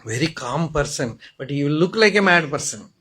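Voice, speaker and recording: A man's voice: on the high side, animated, normal speed, sharp tone, rough recording. A man with an Indian accent giving a storytelling spiritual discourse, often checking in with his listeners. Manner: storytelling, asks "Hmm?" to listeners, chants Sanskrit verses. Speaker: spiritual teacher.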